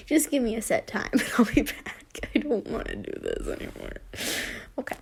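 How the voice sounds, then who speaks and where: A woman's voice: a little high, a little slow, pauses often, a bit bright. A woman casually reading fan fiction aloud, giggling and breaking off into chatty rambling asides.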